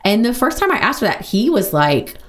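A woman hosting a podcast, talking openly and casually about her own life, with lots of "like" and quick asides. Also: fairly high pitch, big pitch swings, fairly bright tone. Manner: open, chatty, full of "like" and quick asides. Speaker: podcast host. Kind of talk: candid personal monologue.

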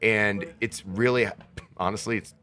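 A man who is a guest on a podcast, telling stories in an excitable, animated way. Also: lowish voice, measured pace, background noise. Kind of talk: casual interview chat.

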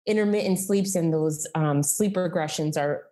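Low-voiced woman telling her story casually. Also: moderate pace, warm tone. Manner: candid and chatty, with frequent "like" and "um". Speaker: podcast guest sharing her story.

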